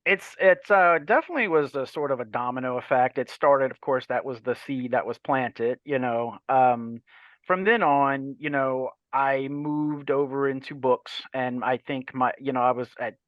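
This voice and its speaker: Animated storytelling man from Louisiana. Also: medium pitch, moderate pace, no echo, highs cut off. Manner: animated anecdotal storytelling with voiced quotes and swearing. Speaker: guest author. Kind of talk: casual storytelling chat.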